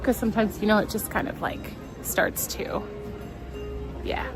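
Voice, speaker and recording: A woman's voice: mid-range voice, measured pace, poor audio. A woman streaming live from a theme park, holding back tears and talking herself through her nerves with nervous laughs, on a handheld phone. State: tearful, holding back emotion. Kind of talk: casual live-stream chat. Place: outdoors in a crowded theme park. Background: crowd chatter and park music.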